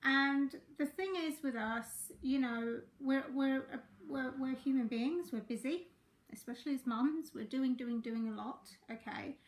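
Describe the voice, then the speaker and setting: A life coach with a high voice, croaky from a sore throat, guides viewers through a live-streamed coaching session. She speaks unhurriedly in an easy, chatty manner full of fillers, and the echoey room makes her voice ring.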